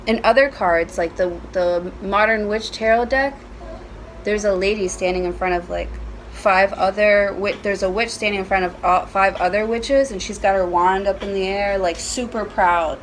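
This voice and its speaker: A woman's voice: mid-range voice, fairly even intonation, normal speed, a little hiss or hum, low-quality recording. A woman giving a casual tarot reading at home, chatty and playful, with frequent swearing. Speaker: tarot reader.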